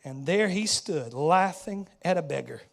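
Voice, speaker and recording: Southern preacher guy, high voice, acting out a story from the pulpit, goes from hushed to shouting. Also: lively intonation, a little slow, creaky. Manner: theatrical storytelling, swinging between hushed and shouting. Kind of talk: dramatic first-person sermon monologue. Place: church sanctuary.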